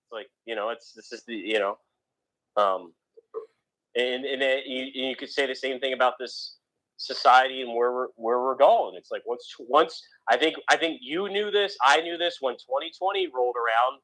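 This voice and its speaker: A man's voice: mid-range voice, normal speed, sharp tone, rough recording. A man co-hosting a casual radio podcast, rambling gloomily with many restarts and fillers, with a faint East Coast accent. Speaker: podcast co-host. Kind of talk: casual chat.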